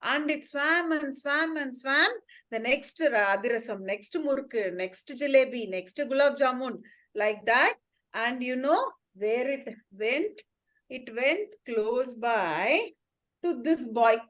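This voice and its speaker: Lady telling kids a story, high voice, slow, keeps asking them stuff. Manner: animated, questioning the listeners. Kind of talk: storytelling to children.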